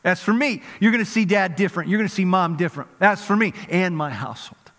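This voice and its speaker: A middle-aged male pastor preaching a sermon, swinging from lively emphasis to hushed intensity. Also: high-pitched, quick pace. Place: large church hall. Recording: reverberant church hall.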